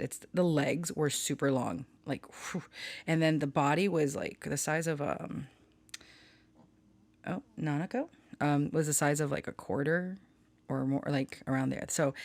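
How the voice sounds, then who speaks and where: This tarot reader and spiritual channeler has a low voice, recorded without echo in her small home studio. Her casual talk wanders, broken up by frequent laughter and stories told with knowingly melodramatic flair.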